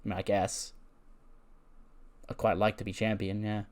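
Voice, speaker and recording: Man doing a deadpan slacker, low and flat. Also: a little fast, lightly acted. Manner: flat, mumbled, lazy. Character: laid-back indifferent male wrestler.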